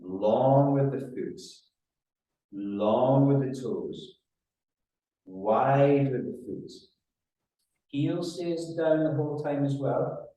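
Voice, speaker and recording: A man leads an exercise class in a mellow, unhurried voice, calmly cueing each movement and counting down the reps. He is recorded from a distance in a strongly echoing room. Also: mid-range voice. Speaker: running rehab coach. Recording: very echoey room, mic far off.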